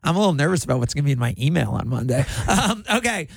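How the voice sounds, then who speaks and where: A man's voice: fairly high pitch, big pitch swings, rapid-fire, vocal fry, slightly rough, dry recording. A man hosting a sports radio call-in show, taking callers and often laughing.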